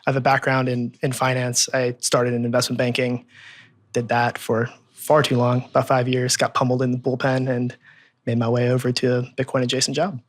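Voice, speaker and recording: A man's voice: medium pitch, completely flat delivery, a little fast. Easygoing self-deprecating young man. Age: 20s. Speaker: interview guest, research analyst and columnist. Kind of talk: casual interview chat. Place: in-person recording at a table in a room.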